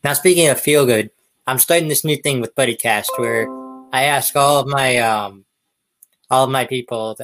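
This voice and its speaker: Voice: medium pitch, a bit bright. A podcast host in casual interview talk, giving short affirmations and prompting questions.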